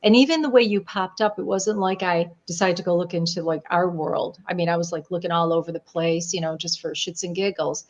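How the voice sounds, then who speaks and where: A woman from the Niagara Falls area, a guest psychic medium chatting casually and telling animated stories with frequent laughs. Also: fairly low pitch, brisk, few pauses. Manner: chatty, animated storyteller who laughs often. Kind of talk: casual podcast chat.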